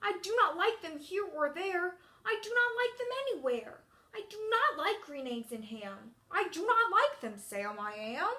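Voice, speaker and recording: A woman's voice: very high-pitched, big pitch swings, measured pace, sharp tone, full character voice. Woman doing a grumpy storybook character. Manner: grumpy, insistent refusals. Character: grumpy stubborn picky-eater character.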